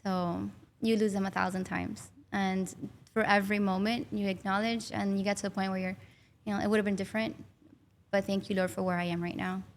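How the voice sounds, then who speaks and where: A woman's voice: medium pitch, a little fast, a little hiss or hum. A woman guest candidly telling her personal story in an interview. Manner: warm, candid, animated when recalling. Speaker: guest, bereaved mother.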